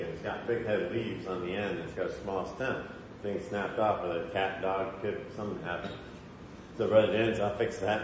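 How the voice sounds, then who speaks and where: A man preaches in a casual, questioning way to his congregation. His voice sits a little low and carries a long, roomy reverb. A faint hum of the hall hangs behind him. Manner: conversational, asks the congregation questions. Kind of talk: sermon. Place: church hall. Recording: echoey hall, faint ambience.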